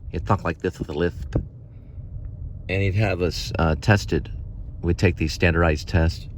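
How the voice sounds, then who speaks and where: A man's voice: sits low, slight background noise. A man talking in a rambling, meandering way while driving around, reminiscing as he goes. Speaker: vlogger.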